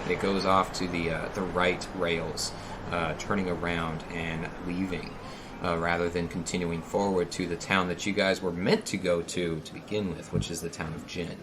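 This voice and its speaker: Raspy, low-voiced man narrating a game. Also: level tone, moderate pace, background noise. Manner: meandering, with many fillers and restarts. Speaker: game master.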